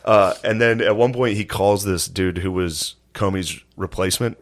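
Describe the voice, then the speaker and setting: A very low-pitched man chatting on a comedy podcast. He tells stories in an easygoing way, slips into quoted voices and laughs a lot. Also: flat delivery, normal speed. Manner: laid-back storytelling, acts out quotes, laughs often. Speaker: podcast co-host. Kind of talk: casual comedy podcast chat.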